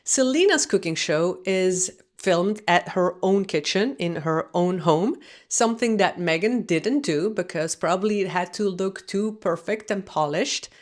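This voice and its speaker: A woman giving video commentary as a communication coach, speaking in a measured, deliberate way. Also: on the low side, lively intonation.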